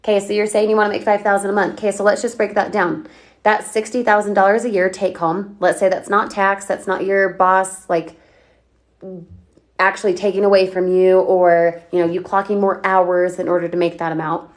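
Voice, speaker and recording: Brief: upbeat female coach on a livestream, chatty, quick-fire questions to viewers, mid-pitched voice. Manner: energetic, chatty, asks rapid questions. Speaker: online business coach. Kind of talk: livestream chat reading viewer comments.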